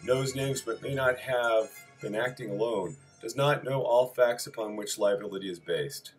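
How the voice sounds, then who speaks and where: A man's voice: medium pitch, moderate pace, faint music behind, rough recording. A man reading out terse study notes on civil procedure as a list, with wry asides and apologetic backtracking. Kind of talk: reading lecture notes aloud.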